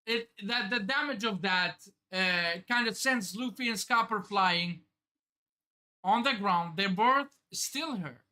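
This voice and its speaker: Man, live manga reaction streamer, excitable, swears a lot, bright voice, slow drawn-out talk. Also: high voice. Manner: excitable, swears, narrates pages aloud.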